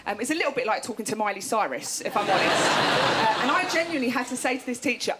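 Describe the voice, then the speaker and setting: A woman in her thirties does a chatty, self-mocking stand-up set, her voice fairly high and swooping all over. It is a TV studio stage with loud background noise. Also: lively intonation, fast. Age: 30s. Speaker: stand-up comedian.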